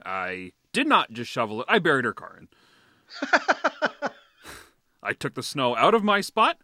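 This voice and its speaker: A man's voice: medium pitch, wildly swooping pitch, unhurried, bright, forceful tone, no echo, clean studio sound. A man co-hosting a podcast, telling a story in a casual, profane, fired-up rant. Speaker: podcast co-host.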